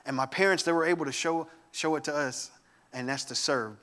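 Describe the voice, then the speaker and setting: A man giving a sermon, telling lively family stories with humor and enthusiasm. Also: a little high, brisk. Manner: animated storytelling with humor. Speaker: guest preacher.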